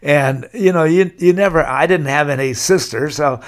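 Normal in speed and slightly high in pitch, this older Californian guest tells drawn-out, wandering stories during an interview. Chuckles keep slipping into his telling.

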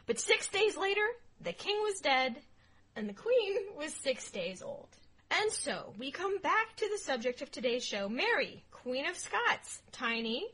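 A woman co-hosting a casual history podcast, telling the story playfully with jokes and loud asides. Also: sits high, big pitch swings, unhurried, low-quality recording. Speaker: podcast co-host.

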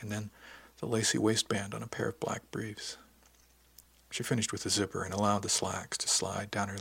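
A man reading a first-person story aloud in a soft, intimate, unhurried way, often dropping to a half-whisper. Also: on the low side, gravelly, slightly rough. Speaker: narrator. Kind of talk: first-person audiobook narration.

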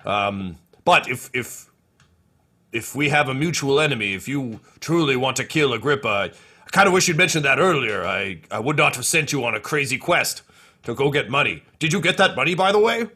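A man voicing a wild, spice-crazed male Gungan gang boss in a tabletop game, talking in a high, shouting, giddy way. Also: lively intonation, moderate pace, breathy edge. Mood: excited.

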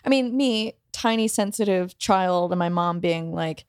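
Chatty young woman guest, quick asides. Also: medium pitch, smooth, no room sound, studio quality. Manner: quick chatty asides, mimics her mother. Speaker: podcast guest. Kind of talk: casual chat.

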